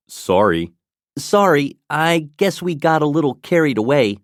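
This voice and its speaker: A man reading short dialogues for an English lesson, acting the lines clearly and without hurry. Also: on the high side, big pitch swings, unhurried, dry recording, studio quality.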